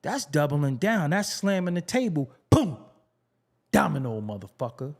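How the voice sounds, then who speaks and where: A man hosting his own commentary channel, talking in an emphatic, profane, conversational way, repeating phrases for effect and dropping low for serious asides. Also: sing-song, moderate pace, a little mellow. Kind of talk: opinionated commentary.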